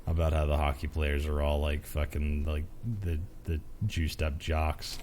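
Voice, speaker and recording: Man, game streamer, deep voice, laid-back, cursing, faint background hiss. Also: completely flat delivery, a little slow, darkish tone. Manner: laid-back, swears freely. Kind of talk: casual gaming commentary.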